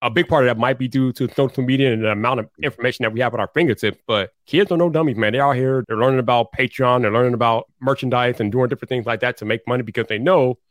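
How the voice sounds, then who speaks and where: A man in his forties hosts a podcast with an energetic, emphatic delivery and casual slang. He talks quickly, and the sound is close and dry. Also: medium pitch, no room sound. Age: 40s. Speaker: podcast host.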